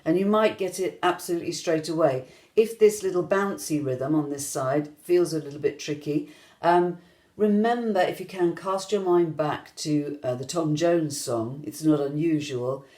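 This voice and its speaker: Woman rhythm teacher, low voice, gentle and encouraging, chants the beats, echoey room. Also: normal speed. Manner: gentle, encouraging, sings out the rhythms as she counts. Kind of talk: online music lesson.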